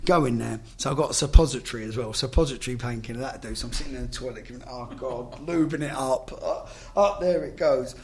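A man's voice: mid-range voice, fast talker, hardly any pauses, a little mellow, a little hiss or hum. A man, a former footballer, telling stories in casual chat, swearing freely and acting out the dialogue.

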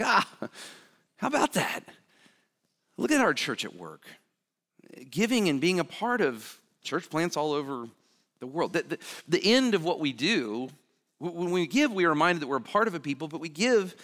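A man's voice: medium pitch, a bit bright. A male pastor delivering a sermon, fervent and conversational, building to emphatic peaks. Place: church sanctuary. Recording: long reverb of a large hall.

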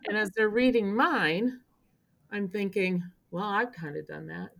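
Older woman, lively emotional storyteller. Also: medium pitch, a little slow, creaky. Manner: animated storyteller, acts out quotes, turns emotional. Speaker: interview guest, longtime local government official. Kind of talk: storytelling in a podcast interview. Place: indoor podcast recording.

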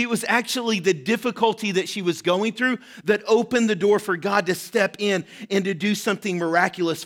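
A man's voice: sits high, a bit bright. A man preaching a sermon, earnest and direct, often checking in with his listeners and voicing a widow's desperate pleas with rising urgency. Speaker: pastor.

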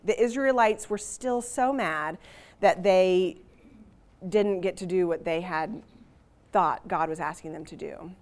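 A woman teaching a Bible passage to a church group in a conversational, animated way, with rhetorical questions. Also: medium pitch.

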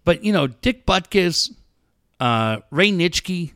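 A man hosting a loose talk show, excitable and swearing as he reacts. His voice is bright and a bit high, with a lot of lift in the pitch, and it sounds dry and close. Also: slow pace, clean tone, no room sound. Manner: swears freely, excitable exclamations. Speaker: host. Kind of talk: casual chat.

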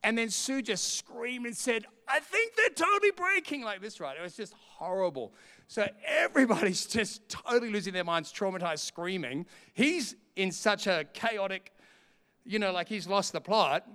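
Impassioned high-voiced male preacher, big hall. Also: lively intonation, normal speed. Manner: impassioned preaching that swells to shouts between quieter storytelling. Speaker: pastor. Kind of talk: sermon. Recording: long reverb hall.

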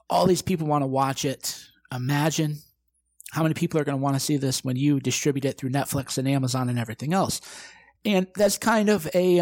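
A man's voice: on the high side, dry recording. A brash man, likely in his twenties, giving a profane motivational talk and acting out quoted exchanges. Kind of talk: direct-to-camera motivational talk.

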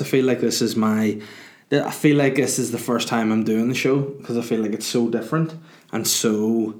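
A man, a comedian hosting his own podcast in a rambling, self-mocking monologue full of fillers. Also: mid-range voice.

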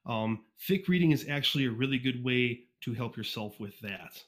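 A man from Northeast Ohio talks in a loose, casual podcast chat. He tends to rush his words and leans on fillers and quick restarts. His voice sits at an everyday middle pitch, picked up cleanly by a USB condenser mic. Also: animated, a bit bright. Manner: fast-talking, informal, frequent fillers and restarts. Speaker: podcast guest, fan audiobook reader. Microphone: USB condenser microphone.

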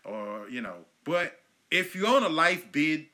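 A man in his thirties hosting his own comedy podcast, ranting profanely and swinging between low mutters and loud yelling. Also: sing-song, measured pace. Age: 30s. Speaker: podcast host.

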